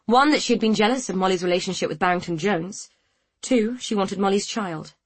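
A woman reading a novel aloud in a measured, even storytelling manner. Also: medium pitch, husky, no echo. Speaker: audiobook narrator. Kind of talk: scripted narration.

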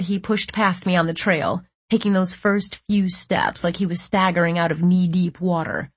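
A woman reading first-person fiction aloud, with tense and measured storytelling. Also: fairly low pitch, slightly rough, no echo. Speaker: audiobook narrator.

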